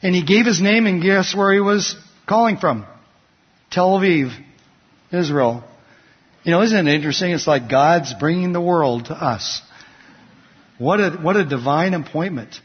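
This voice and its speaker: A man with a somewhat high, breathy voice preaches a sermon in an easy, conversational way, asking his listeners questions and sharing stories. The sound is muffled and lo-fi, with a long hall echo behind him. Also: moderate pace, pauses often. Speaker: pastor. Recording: dull lo-fi recording in a reverberant hall.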